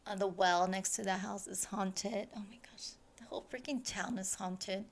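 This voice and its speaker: A woman co-hosting a podcast in casual chat, chatty and quick to burst out laughing. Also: mid-range voice, steady tone. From family from Mexico. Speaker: podcast co-host.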